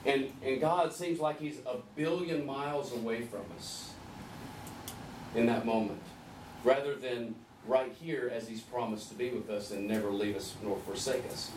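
A man leading a group Bible study, conversational and gently teasing, asking the group questions. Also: mid-range voice, fairly even intonation, normal speed. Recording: echoey room, distant mic, faint hiss.

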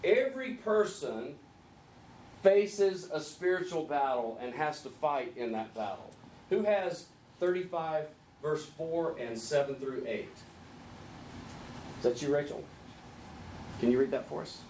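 A man's voice: a little high, animated, measured pace, pauses often, a little mellow. Man teaching a Bible study, echoey room. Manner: conversational, teasing, asks the group questions. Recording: echoey room, distant mic, faint hiss.

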